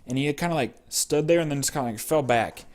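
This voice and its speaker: A man's voice: a little high, fast talker. A young man vlogger casually telling a personal story, rambling with many fillers.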